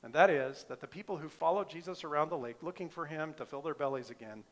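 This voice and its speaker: A man's voice: a little high, quick pace, a bit bright. A middle-aged male pastor preaching a sermon, emphatic, asking the congregation rhetorical questions.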